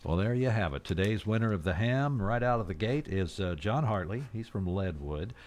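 A man's voice: lowish voice, animated, moderate pace, darkish tone. A male radio host in a studio, talking in a folksy, rambling way with chuckles. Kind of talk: morning radio show.

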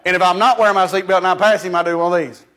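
A man preaching a folksy sermon with a fairly high-pitched voice. He tells stories in a down-home way and keeps saying "he said." His delivery swings from loud, emphatic declarations to low, quiet asides. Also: steady tone, racing. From United States. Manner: folksy, storytelling with repeated "he said".

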